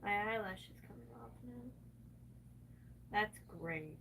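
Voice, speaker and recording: A woman's voice: mid-range voice, very animated, normal speed, pauses often, sharp tone, recorded from a distance, slight background noise. A distressed woman ranting on a livestream, cursing heavily and talking in an agitated, unscripted way.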